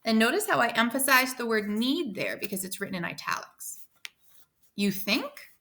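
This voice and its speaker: A woman teacher speaks to her fifth grade class, encouraging and instructive as she sets up a read-aloud. Her voice is bright and clear, and she often speeds into quick asides. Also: a little high, animated. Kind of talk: reading a novel aloud to a class.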